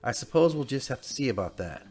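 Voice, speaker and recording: A man's voice: medium pitch, sing-song, fast, darkish tone. Jeannie, a purring taunting genie, as a man puts her on. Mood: teasing. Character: taunting female genie, smug and menacing.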